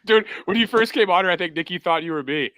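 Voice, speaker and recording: Quick-talking host guy rambling on, dry close sound. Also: sits high, sharp tone, no room sound. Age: middle-aged. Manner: rambling, repeats himself. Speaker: podcast host. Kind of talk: casual chat.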